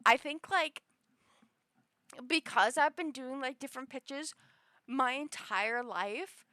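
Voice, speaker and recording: A woman streamer chatting casually, rambling with many fillers and often shifting her pitch up and down. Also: expressive, takes it slowly, sharp tone, no echo, clean studio sound. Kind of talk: casual chat.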